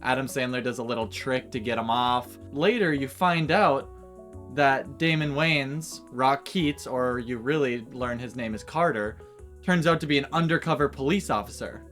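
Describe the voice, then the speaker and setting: Casual young man recapping movies. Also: medium pitch. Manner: relaxed, filler-heavy with "like". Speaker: movie review co-host. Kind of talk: casual chat and plot recap. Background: soft background music.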